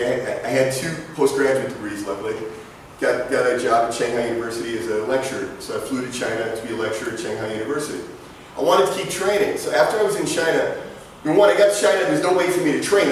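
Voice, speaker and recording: A man's voice: medium pitch, distant mic, a little hiss or hum. Man lecturing in a very echoey hall. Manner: conversational storytelling with asides and jokes. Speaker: guest lecturer. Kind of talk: presentation to students.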